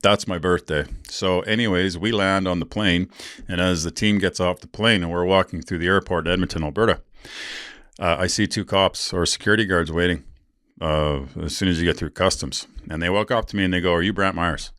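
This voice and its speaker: Low-voiced man telling a candid story. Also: fairly even intonation, fairly quick, fairly bright tone, no room sound, clean studio sound. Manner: rambling, candid and profane, with many fillers. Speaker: podcast host. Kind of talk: casual storytelling monologue.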